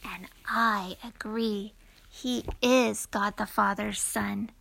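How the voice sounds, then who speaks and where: Woman storyteller, rhyming children's story, slow, gentle, soft whispers, slightly gravelly, fairly high voice. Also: steady tone, a little hiss or hum.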